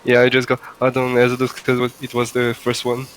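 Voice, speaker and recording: A man from Brazil, speaking English as an in casual voice chat, halting and searching for words. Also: medium pitch, monotone, a bit bright, a little hiss or hum. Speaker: friend playing along. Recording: game music behind voice.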